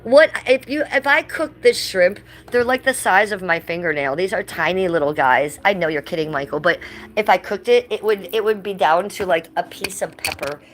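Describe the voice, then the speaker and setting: A woman's voice: mid-range voice, moderate pace, poor audio. A middle-aged woman chatting casually on a livestream from her living room, blunt and given to swearing. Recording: music playing clearly behind.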